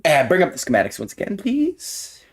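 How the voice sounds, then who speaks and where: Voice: medium pitch, big pitch swings, quick pace. Playful laughing tabletop player. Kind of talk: casual tabletop game chat.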